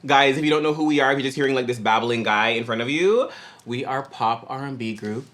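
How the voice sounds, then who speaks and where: A man in a pop group hosting a reaction video, chatting casually in a slangy, animated way. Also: mid-range voice, fairly quick. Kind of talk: casual chat.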